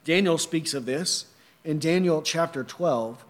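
A male preacher delivers an emphatic sermon, asking and answering his own questions. His voice sits high for a man. It rings out with long reverb, as in a large hall. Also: measured pace. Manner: earnest, emphatic, repeats rhetorical questions.

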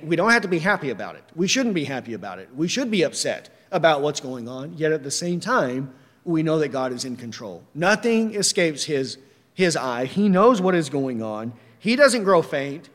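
A man's voice: a little high, in a large hall. A man preaching a sermon emphatically, reading verses and firing rhetorical questions.

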